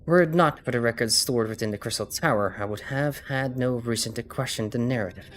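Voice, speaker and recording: A woman voicing a formal, scholarly fantasy game character, reading the dialogue in a measured way. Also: a bass voice. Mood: earnest. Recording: music behind.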